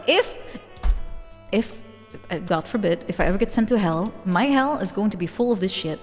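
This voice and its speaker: A woman's voice: medium pitch, lively intonation, moderate pace, long pauses. A woman streamer with a Dutch accent chatting casually with her live chat, giggly and self-mocking. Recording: long reverb with faint music behind.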